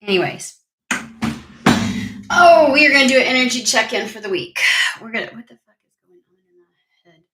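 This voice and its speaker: A woman's voice: on the high side, expressive, normal speed, pauses often, sharp tone, reverberant. A woman hosting a casual tarot reading vlog, chatty and rambling, with allergies. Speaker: tarot reader.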